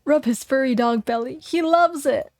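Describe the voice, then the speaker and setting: Playful young woman streamer narrating a game, slightly high voice, close dry mic. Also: moderate pace, a little mellow, no room sound, faint music behind. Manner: playful and giggly, jokes with chat. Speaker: vtuber streamer. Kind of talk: reading a game aloud with voices.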